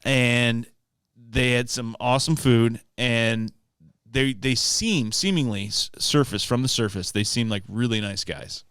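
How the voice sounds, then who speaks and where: A man co-hosting a casual podcast, talking in an animated way and mimicking the people he describes. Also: medium pitch, unhurried, clear, resonant tone, dry recording, clean studio sound. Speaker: podcast co-host. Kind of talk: casual chat.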